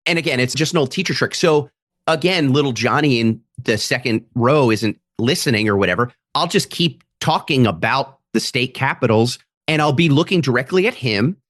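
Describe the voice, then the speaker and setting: Animated comedian telling stories. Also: male voice, medium pitch, normal speed, no echo, studio quality. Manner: animated, acts out audience members' voices in quotes. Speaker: comedian guest. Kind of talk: casual podcast storytelling.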